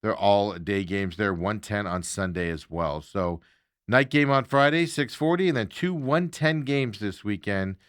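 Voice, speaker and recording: A man's voice: fairly low pitch, unhurried, clear, resonant tone, dry recording, clean studio sound. A man hosting a sports talk show, chatting in a loose, casual way with chuckling asides.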